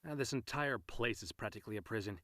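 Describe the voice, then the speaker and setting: An actor playing a skeptical cop who talks in a dry, wry way, in a dubbed animated film. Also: male voice, lowish voice, fast, dry recording.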